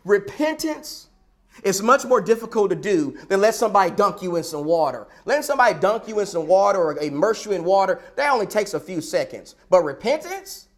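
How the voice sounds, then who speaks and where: Guy preaching a sermon, pretty high voice, repeats himself a lot for emphasis. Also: animated, fast talker, few pauses. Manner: emphatic, repetitive, rhetorical questions.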